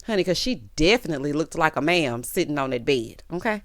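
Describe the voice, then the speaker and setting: A sassy woman recaps a TV episode in a casual vlog, laughing and acting out each character. Her pitch swings all over, full of life. The sound is dry and close. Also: expressive, dry recording. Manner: sassy, playful, quick to laugh, acts out characters' lines. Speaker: TV recap reviewer.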